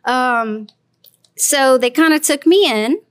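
Woman, forties, Cajun accent, chatty, sassy, a bit high-pitched, dry sound. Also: takes it slowly, fairly bright tone, clean tone, no echo. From Louisiana. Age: 40s. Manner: chatty and laughing, self-described sassy. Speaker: guest. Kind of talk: casual interview chat.

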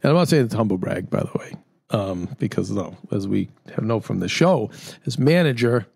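A man's voice: on the low side, moderate pace, creaky, darkish tone, husky, dry recording. A middle-aged man co-hosting a chat show, rambling and joking at his own expense. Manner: rambling, self-mocking, jokey. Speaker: podcast co-host. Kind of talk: casual chat.

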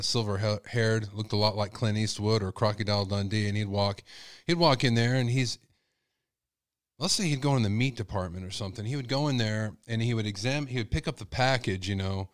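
A male host rambles through a folksy story in a casual monologue, with plenty of fillers. His voice sits at an ordinary pitch and sounds dry and close, with no room around it. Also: no room sound.

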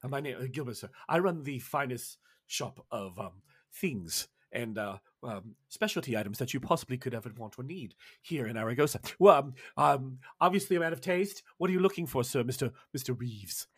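A fussy, heavyset shopkeeper stammers and fawns, his voice sitting low and soft, as a man puts him on. The recording is dry and close, with no room sound. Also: animated, fairly quick, slightly rough, no echo. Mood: fawning. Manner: stammering, nervous, fawning. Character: flustered heavyset male shopkeeper.

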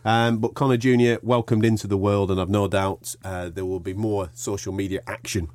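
A man, co-hosting a fight podcast and telling stories in animated casual chat. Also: fairly low pitch, a little fast. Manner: animated storyteller, acts out quoted voices. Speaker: podcast co-host.

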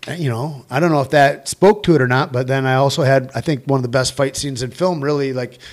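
A man's voice: medium pitch, quick pace. A man who works as a stunt performer, telling rambling, profane anecdotes with quoted dialogue in a casual interview.

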